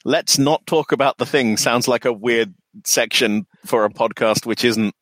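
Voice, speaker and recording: A man's voice: mid-range voice, measured pace, a bit bright, no echo. A man co-hosting a podcast, chatting casually with dry, self-deprecating humor. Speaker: podcast co-host.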